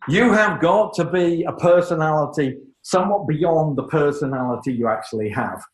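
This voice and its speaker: A man giving a lively, emphatic lecture on public speaking, with joking asides to the audience. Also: on the high side, normal speed, reverberant, poor audio. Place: lecture room.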